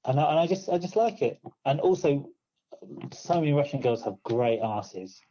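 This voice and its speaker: A man's voice: fairly high pitch, animated, normal speed, warm tone, lo-fi sound. A man appearing as a guest on a podcast, chatting casually in a hesitant, joking way. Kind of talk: casual chat.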